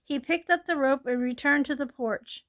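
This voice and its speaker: A woman reads a ghost story aloud in a high, gentle voice. Her delivery is steady and unpolished, with a few small slips and restarts. It sounds like a home storytelling read. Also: normal speed.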